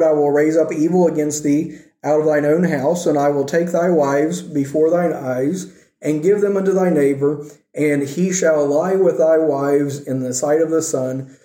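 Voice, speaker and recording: A man's voice: on the high side, warm tone, echoey room, rough recording. A man teaching a Bible lesson, reading scripture aloud and then explaining it in a conversational way, checking in with his listeners. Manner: reads scripture slowly, then explains conversationally with asides like "okay?".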